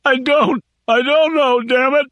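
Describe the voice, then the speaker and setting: A man voicing a frightened, whining male smuggler with a shrill, panicky voice in an audiobook. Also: fairly even intonation, measured pace, fairly bright tone, dry recording. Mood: panicked sobbing. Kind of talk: audiobook character voice.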